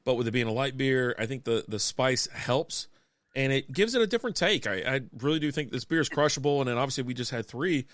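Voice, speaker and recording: A man's voice: mid-range voice, expressive, a little fast, a bit bright, dry recording, clean studio sound. A man from Texas co-hosting a casual beer podcast, telling stories with frequent laughter and plenty of swearing. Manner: laughs often while storytelling, swears freely. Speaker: podcast co-host. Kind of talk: casual chat over beers.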